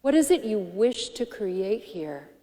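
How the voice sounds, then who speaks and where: A woman minister giving a sermon, teaching gently and reflectively and posing questions to the congregation. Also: medium pitch, big pitch swings, a little slow, in a large hall. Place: church sanctuary.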